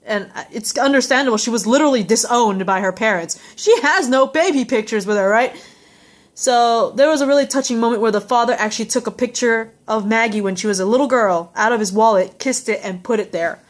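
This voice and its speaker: A young woman with a slightly raised pitch talks through a TV episode in a loose, rambling recap. She doubles back often, leaning on ums and likes, and sounds heartfelt about what she describes. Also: brisk. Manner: rambling and heartfelt, with many fillers.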